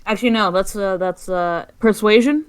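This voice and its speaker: A woman's voice: mid-range voice, normal speed, smooth, no room sound. A woman playing in a tabletop game, joking and chatty. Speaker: player. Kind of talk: casual tabletop game chat.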